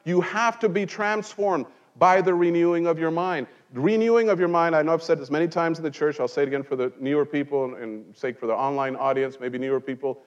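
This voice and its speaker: A man's voice: fairly high pitch, brisk, few pauses, in a large hall, highs cut off. A man who grew up in Mexico, preaching a conversational sermon from a pulpit in church and mixing in wry jokes. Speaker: pastor.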